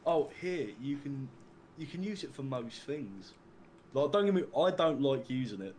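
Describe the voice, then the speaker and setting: A man's voice: medium pitch, lively intonation, moderate pace, darkish tone, slight background noise. A young man with an English accent chatting casually, rambling and filling his talk with "like" and the odd swear word. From England. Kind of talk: casual chat.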